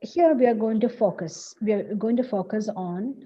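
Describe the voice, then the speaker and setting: A woman's voice: mid-range voice, moderate pace, mellow, muffled recording. A woman with a Kerala English accent, a native Malayalam speaker, teaching an online English class, explaining and rephrasing each point. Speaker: college English lecturer.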